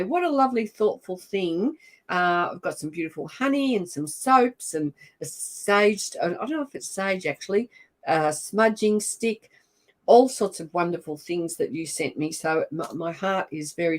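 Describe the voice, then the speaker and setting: An older woman with an Australian accent, hosting a casual livestream and greeting viewers by name in an effusive, chatty way. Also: deep voice. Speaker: livestream host. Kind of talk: casual live-stream chat.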